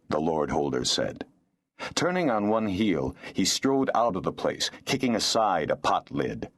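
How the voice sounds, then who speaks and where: A male audiobook narrator reads a scripted story in a very low, deep, husky voice at normal speed. His expressive delivery rises and falls lively as he narrates.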